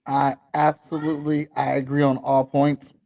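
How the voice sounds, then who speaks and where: A man's voice: mid-range voice, normal speed, gravelly, dry recording, poor audio. Chill guy hosting, mid voice, dry close sound, easygoing. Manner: relaxed, agreeable, laid-back slang. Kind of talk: casual chat.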